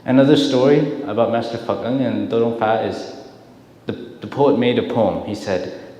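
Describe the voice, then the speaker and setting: Low-voiced man telling temple stories. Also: moderate pace. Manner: storytelling, warm-hearted, repeats words. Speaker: dharma speaker. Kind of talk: dharma talk with storytelling. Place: temple hall. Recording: echoey hall, faint hiss.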